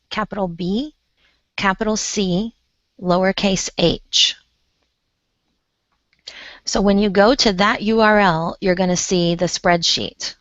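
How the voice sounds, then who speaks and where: A woman's voice: fairly low pitch, dry recording. A woman hosting an online educator session, talking with effusive enthusiasm over a video call. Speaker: host and presenter. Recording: dull, dry video call audio.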